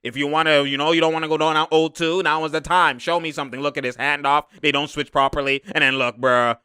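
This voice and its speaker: A man doing casual, slangy basketball film breakdown, laughing often and shouting at the players on screen. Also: a little high, flat delivery, quick pace, clear, resonant tone, no echo, clean studio sound. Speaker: sports commentator breaking down game film. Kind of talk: casual game breakdown commentary.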